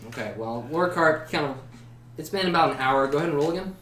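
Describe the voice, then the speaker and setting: A male game master narrates a tabletop game in a relaxed, chatty voice with lively pitch. He sounds roomy and a bit distant on a noisy stream mic. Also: fast. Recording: echoey distant livestream mic with noise.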